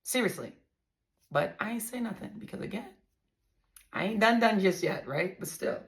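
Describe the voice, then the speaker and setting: A woman's voice: medium pitch, lively intonation, moderate pace. A woman vlogger candidly telling her own story to her viewers, blunt and profane, often calling them y'all.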